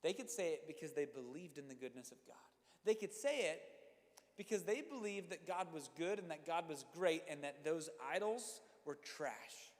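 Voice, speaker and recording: A man's voice: fairly high pitch, animated, normal speed, long reverb tail. A man preaching a sermon to students, emphatic and direct, repeating phrases for effect and speaking straight to his listeners. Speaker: youth pastor.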